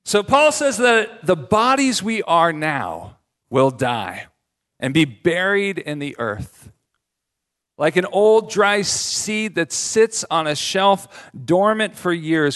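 A man in his thirties, a pastor giving a sermon in a relaxed, joking, conversational way. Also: a little high.

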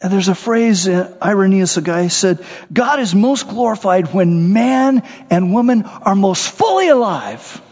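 A man preaching a sermon, animated, acting out little scenes and voices as he goes. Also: high voice, unhurried. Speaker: pastor. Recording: muffled sound with long hall reverb.

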